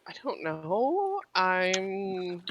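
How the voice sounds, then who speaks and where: A woman voicing a hesitant young woman choosing from a menu, speaking softly. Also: mid-range voice, sing-song, very slow, highs cut off, background noise, exaggerated voice. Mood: unsure.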